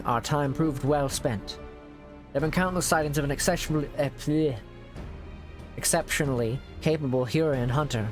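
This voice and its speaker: A man's voice: mid-range voice, lightly acted. A man reading out a formal, earnest young male scholar, slipping over a few words. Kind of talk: reading game dialogue aloud.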